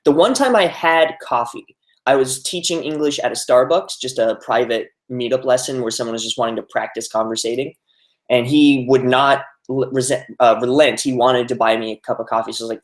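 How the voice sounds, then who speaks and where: A man's voice: medium pitch, brisk. A young man chatting casually on a live stream, reading out viewer comments, with many fillers. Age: young adult. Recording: roomy echo.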